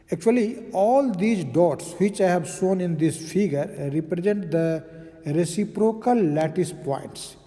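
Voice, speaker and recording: A male physics lecturer talks through his material slowly and patiently, padding his sentences with "uh" and checking in with "okay". His voice sits fairly high for a man but sounds dark and mellow. The room gives it a long, lingering reverb. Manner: slow, explanatory, many fillers and "okay"s. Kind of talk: recorded lecture.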